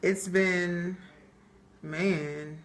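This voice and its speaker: A woman's voice: fairly low pitch, fairly even intonation, very slow. A young woman co-hosting a live-streamed chat show, loose and joking, swearing freely and laughing often. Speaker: podcast co-host.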